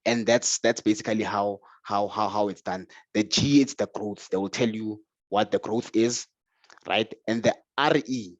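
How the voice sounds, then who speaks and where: Man, finance tutor, lower voice, keeps asking and answering himself, repeats words, dry close sound. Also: fairly even intonation, moderate pace, no room sound. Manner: keeps asking "right?" and answers his own questions; stumbles and repeats words when starting phrases. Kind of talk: explanatory lecture.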